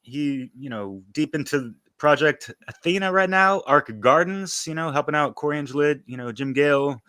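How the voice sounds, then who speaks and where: Give me a joking male podcast host with a bright, forceful voice. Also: a little high, normal speed, dry recording, clean studio sound. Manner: joking, loose, swears casually. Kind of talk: casual chat. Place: broadcasting remotely.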